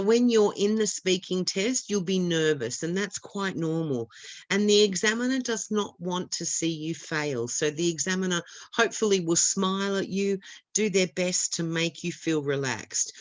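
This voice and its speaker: Woman tutor giving webinar tips, lively stressed words, dry close sound. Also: fairly low pitch, dry recording. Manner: steady, encouraging instructor with lots of stress and intonation. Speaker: IELTS speaking teacher. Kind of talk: webinar lesson.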